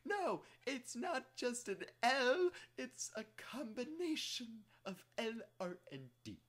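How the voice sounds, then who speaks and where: A man mimicking a shrill, nitpicking know-it-all who slowly lectures about pronunciation. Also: big pitch swings, a bit bright, full character voice. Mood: correcting. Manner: squeaky, slow, lecturing.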